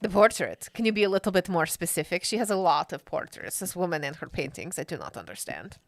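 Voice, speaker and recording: A woman voicing a wary young boy who leads a gang of kids, bargaining calmly like a smooth villain. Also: lowish voice, fast talker, no echo, studio quality. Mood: cool.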